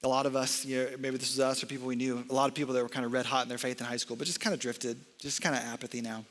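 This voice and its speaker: A young man, a college ministry director, giving an animated sermon full of jokes and off-script asides on a stage microphone in a large church hall. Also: mid-range voice, racing. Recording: long hall reverb.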